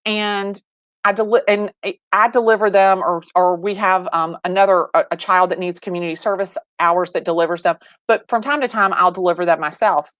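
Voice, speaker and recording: A woman in her forties, a real estate agent and guest, telling stories with lively acted-out dialogue over a video call. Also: fairly low pitch, a little fast, no echo. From Atlanta, Georgia. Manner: animated storyteller, acts out quoted dialogue, many restarts. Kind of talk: livestream interview storytelling.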